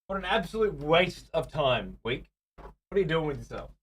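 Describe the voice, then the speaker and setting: A man's voice: a little high, animated, normal speed, breathy edge. Sarcastic, sweary man streaming. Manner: profane, sarcastic banter. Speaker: livestream host. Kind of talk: casual chat with viewers. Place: room at home.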